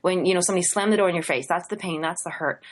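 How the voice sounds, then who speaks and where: A woman co-hosting a talk radio show, earnest and effusive, laughing often and slowing down to recite prayer phrases. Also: lowish voice. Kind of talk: casual talk-radio teaching.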